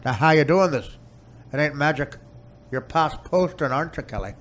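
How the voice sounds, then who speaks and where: A man putting on a cold, gruff gangster boss from an old crime film, who makes quiet demands and veiled threats. The words come out slow and clipped, pitched well below the man's usual voice. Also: animated, natural voice. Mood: menacing. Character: menacing low-voiced male 1930s gangster boss. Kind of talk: comic impression on a podcast.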